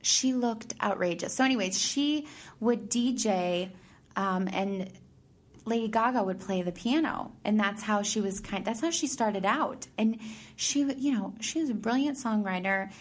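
A bubbly woman in her thirties, a stage actor talking casually as a guest. She is chatty and laughs a lot, with plenty of "like" fillers. Her pitch sits in an ordinary middle range. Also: measured pace. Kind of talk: casual chat.

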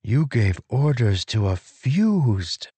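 A narrator putting on a wry young female warrior who speaks offhandedly, a little higher than his own voice. It is a dry, close storybook recording. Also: very animated, takes it slowly, dark tone, slightly rough, no room sound, full character voice.

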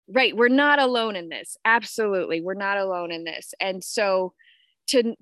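A woman's voice: mid-range voice, a bit bright, no echo. A woman in her thirties talking candidly about parenting and spirituality, swearing freely and greeting viewers as she goes. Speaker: podcast host. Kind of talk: casual spiritual live talk.

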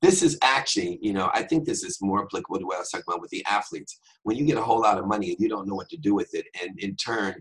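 A man's voice: low voice, very fast, hardly any pauses, a bit bright, slightly rough, rough recording. A man hosting a devotional podcast who teaches scripture conversationally and drifts into humorous asides.

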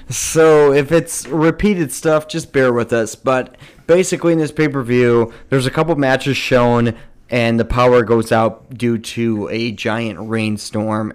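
A man's voice: medium pitch, smooth. A man co-hosting a casual podcast, rambling and laughing as he chats. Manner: rambling, laughs often, sings snippets. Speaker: podcast co-host.

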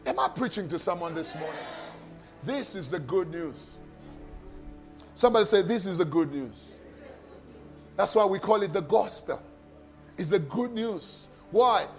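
A man preaching a sermon who repeats key phrases and calls on the congregation to answer, swinging between shouting and quiet, sung lines. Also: high voice, lively intonation, measured pace, pauses often, soft background music. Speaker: pastor.

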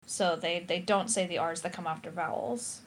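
A woman's voice: fairly low pitch, steady tone, moderate pace. American woman analyzing a book. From United States. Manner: analytical, thinks aloud with restarts and fillers. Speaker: podcast co-host. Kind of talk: casual discussion.

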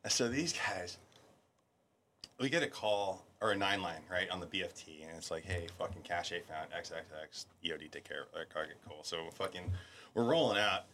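Deep-voiced and moderately paced, with slight background noise, a middle-aged veteran guests on a podcast. His casual war stories are profane and animated, and he acts out the voices of the people in them.

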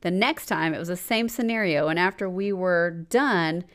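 Lowish-voiced woman podcast host, laughing often. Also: clean tone. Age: 40s. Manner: laughs often, reads with dramatic pauses. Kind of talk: casual podcast chat, reading a listener letter aloud.

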